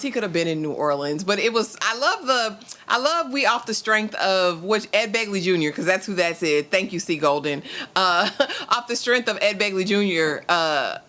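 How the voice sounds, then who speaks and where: Playful co-host, bright woman's voice that swings up and down a lot. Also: medium pitch. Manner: laughing, playful, quotes characters. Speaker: TV review podcast co-host. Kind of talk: casual TV recap chat.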